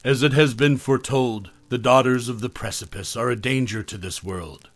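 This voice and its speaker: A man's voice: mid-range voice, moderate pace, no room sound, close to an everyday voice. A fanatical elderly grandfather, as a man narrating puts him on, delivers his lines with cold, solemn detachment. The voice sits in a middle register and is recorded dry and close, with no room around it.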